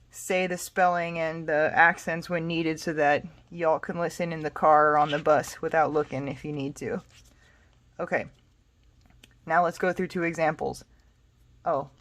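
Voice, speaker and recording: A woman from the United States teaching a casual spoken language lesson, explaining step by step in a patient, relaxed way with frequent fillers. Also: deep voice. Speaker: Spanish tutor.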